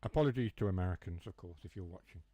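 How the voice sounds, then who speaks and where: Rambling through jokes while streaming a train sim, this young man talks fast in a low, mellow voice. His broad Huthwaite accent, from the Mansfield area of Nottinghamshire, England, drops H's and T's. The close, dry recording carries no echo or room sound.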